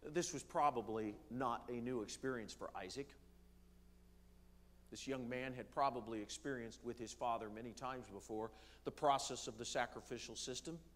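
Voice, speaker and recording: Male pastor, sermon delivery, emphatic, measured, mid pitch. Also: fairly bright tone. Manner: slows down to stress key words, some fillers. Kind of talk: sermon reading and explaining scripture. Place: church sanctuary.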